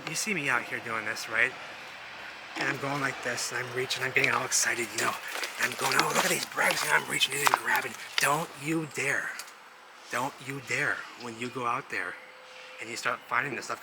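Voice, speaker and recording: A man vlogging outdoors among rubble, rambling excitedly and talking straight to his viewers as he points things out. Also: medium pitch. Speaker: vlogger exploring ruins. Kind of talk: casual walk-and-talk commentary. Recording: loud outdoor traffic noise.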